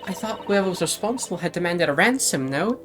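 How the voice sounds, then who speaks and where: A man voicing a polite, inquisitive young woman assistant in a game, raising his voice high for her. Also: animated, fast, fairly bright tone, faint music behind.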